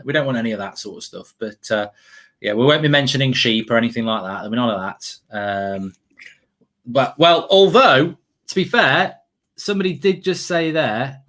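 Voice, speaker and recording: A man's voice: mid-range voice, expressive, normal speed, fairly bright tone. A man hosting a casual football watchalong, chatty and jokey, rambling and reading out live chat comments. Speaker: host.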